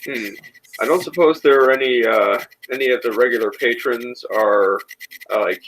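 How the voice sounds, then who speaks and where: A man playing a tabletop game, speaking in a measured way, sometimes in character. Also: mid-range voice, fairly bright tone, poor audio. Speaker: player.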